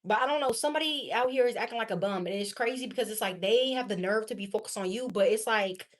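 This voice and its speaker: Tarot lady just talking, cussing and laughing, kinda high voice. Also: fast talker. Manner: blunt, slangy, profane and animated, laughs often. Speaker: tarot reader. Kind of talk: casual tarot reading monologue.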